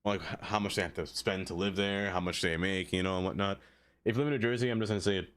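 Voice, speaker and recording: Chatty man with a low voice. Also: fairly even intonation, fast, fairly bright tone, smooth. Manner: rambling, chatty, answers viewers by name, many "like" fillers. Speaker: streamer. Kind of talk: casual live-stream chat while playing a city-building game.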